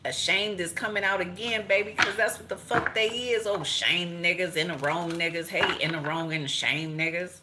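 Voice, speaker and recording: A middle-aged woman giving a casual tarot and astrology reading, blunt and profane, animated and laughing often. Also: on the low side, moderate pace, few pauses, very noisy. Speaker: tarot reader.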